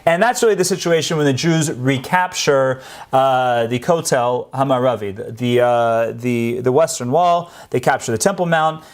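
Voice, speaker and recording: A man's voice: medium pitch, moderate pace. A man giving an unscripted history talk, telling events as an earnest story and pressing hard on the points he cares about. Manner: earnest storytelling, grows emphatic on key points. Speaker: history presenter.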